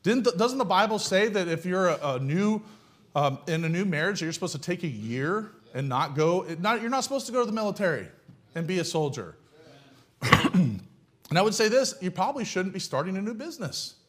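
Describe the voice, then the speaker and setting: Male preacher, high voice, folksy and blunt, pounds points home with rhetorical questions. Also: big pitch swings, fairly quick, fairly bright tone. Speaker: pastor. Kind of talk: sermon.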